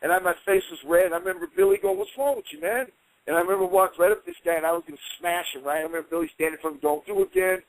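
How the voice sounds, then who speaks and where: Animated man telling a fight story. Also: sits high, rapid-fire, hardly any pauses, dry recording, poor audio. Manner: swears, acts out quoted voices. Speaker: guest fighter. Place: radio studio.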